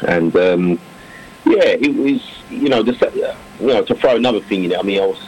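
A man who played cricket and now coaches answers interview questions loosely and ramblingly, full of fillers and restarts, with warm laughter. His voice is fairly low, expressive and brisk with a breathy edge, in a low-quality recording.

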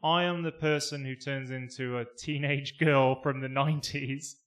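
A man in casual podcast chat, animated, breaking into snatches of song and beeping sound effects. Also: medium pitch, normal speed. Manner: animated, bursts into sung lines and sound effects. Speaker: podcast co-host.

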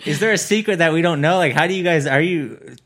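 A man's voice: fairly high pitch, fast talker, fairly bright tone. A man hosting a podcast interview, asking long rambling questions with lots of jokes and laughter. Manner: rambling, jokey, laughs often.

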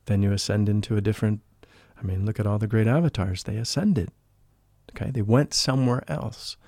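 Male interview guest, earnest and emotional, low dark voice, dry room. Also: a little fast, dry recording. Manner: earnest, emotional, drops to a hushed voice for quotes. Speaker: podcast guest, spiritual life coach. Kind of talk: storytelling in a casual interview.

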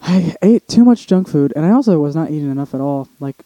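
A man's voice: fairly high pitch, expressive, fast, dark tone, no room sound, rough recording. A young man co-hosting a podcast in casual chat, rambling and restarting often, swearing casually. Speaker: podcast co-host.

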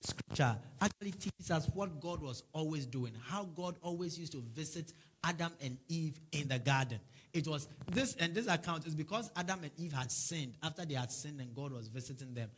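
A man's voice: a little high, normal speed, slightly rough. A man preaching a sermon as a pastor, with fervent, repeated declarations and prayers.

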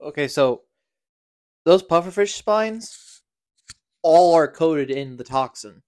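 A man's voice: a little high, animated, takes it slowly, a little mellow. Laid-back man giving terse replies. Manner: laid-back, terse replies, then matter-of-fact explaining. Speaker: podcast co-host. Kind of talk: casual podcast chat. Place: small crowded office.

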